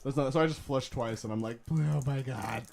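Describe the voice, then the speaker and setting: A man's voice: mid-range voice, fairly quick, gravelly, crowd noise. A young man telling a story in casual chat, rambling with many restarts and fillers and laughing often. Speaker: podcast host.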